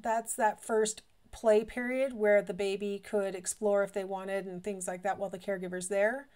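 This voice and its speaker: A woman's voice: medium pitch, a little mellow. A middle-aged woman giving a recorded college lecture in a conversational, explanatory way, with frequent fillers.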